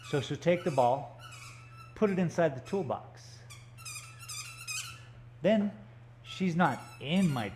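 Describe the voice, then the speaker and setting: A man's voice: fairly high pitch, darkish tone, a little hiss or hum. Chatty man painting on a live stream. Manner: chatty, joking, rambling asides. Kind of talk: casual live-stream chat. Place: art gallery studio, indoors.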